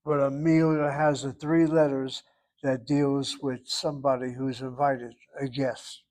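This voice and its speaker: A man's voice: mid-range voice, little pitch movement, a little slow, darkish tone. Man teaching Hebrew grammar step by step. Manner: explains grammar step by step, calls on students by name. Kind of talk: online class instruction.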